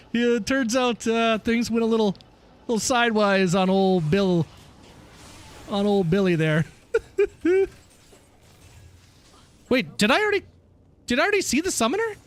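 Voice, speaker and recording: A man streaming a game and chatting casually with viewers, animated and profane, ranting between laughs. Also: high-pitched, moderate pace, long pauses. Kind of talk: casual livestream chat while gaming.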